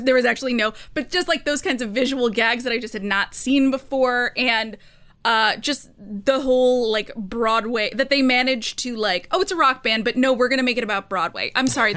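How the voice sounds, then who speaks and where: A woman talking as a podcast guest with a bright, somewhat high voice. She is animated and drops laughing asides between her points. The feel is loose, casual chat.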